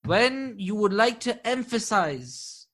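A man leads a classroom grammar lesson, his voice pitched high and ringing bright. He checks in with the students often and praises them warmly. When a key term comes up, he slows right down to spell it out. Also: expressive. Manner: patient, quizzing students with frequent checks and praise; slows down to dictate key terms. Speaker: Arabic grammar teacher.

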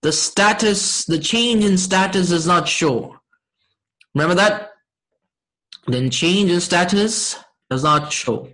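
High-voiced man teaching a class. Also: fairly bright tone, low-quality recording. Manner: asks the class frequent check-in questions, many fillers; recites Arabic verses quickly. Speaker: Quran and Arabic teacher. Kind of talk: interactive online class lesson.

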